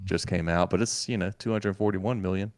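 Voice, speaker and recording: A man co-hosting a casual movie podcast, blunt and animated in his complaints. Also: low voice, fairly quick, no echo, clean studio sound. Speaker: podcast co-host.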